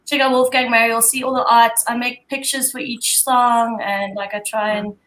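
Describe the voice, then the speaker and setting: A woman guest chats on a live-stream music show in an easygoing, slightly halting way. Her voice is high and bright. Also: flat delivery, rough recording. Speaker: guest musician and visual artist. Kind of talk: casual live-stream chat.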